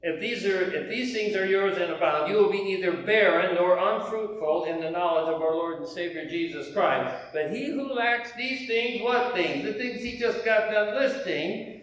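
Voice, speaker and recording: American male preacher, high voice, chatty delivery with rhetorical questions; captured distantly in a booming church hall. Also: normal speed, a bit bright. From United States. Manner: conversational, rhetorical questions to the congregation. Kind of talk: sermon. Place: church sanctuary. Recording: very echoey hall, heard from afar.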